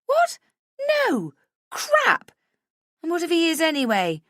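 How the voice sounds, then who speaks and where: A woman voicing a tipsy, excitable young female friend who squeals and shouts, in a dry close recording. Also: very high-pitched, slow, no echo, pitched above the performer's own voice, heavily acted. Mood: giddy. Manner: squealing, shouting over noise.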